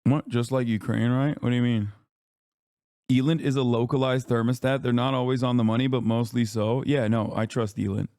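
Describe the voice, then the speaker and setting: A man's voice: medium pitch, no room sound, clean studio sound. Heated, profane male political streamer. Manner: heated, profane, sarcastic rants; reads news aloud in a fast flat delivery. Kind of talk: live-stream reaction commentary.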